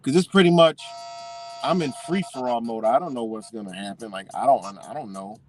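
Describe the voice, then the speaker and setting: A man casually telling a story as a vlogger, swearing freely and animated as he talks. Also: mid-range voice, fairly quick, slight background noise.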